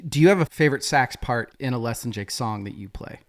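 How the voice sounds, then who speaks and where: Lively chatty male podcast host. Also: mid-range voice, fast talker. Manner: chatty, laughs often. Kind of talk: casual interview chat.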